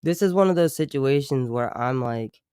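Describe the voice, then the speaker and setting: Animated at a normal speed, this medium-pitched man hosts a casual livestream, his speech full of slang, swearing and "like" fillers, with frequent chuckles. The tone is darkish, clear and resonant, captured dry at studio quality.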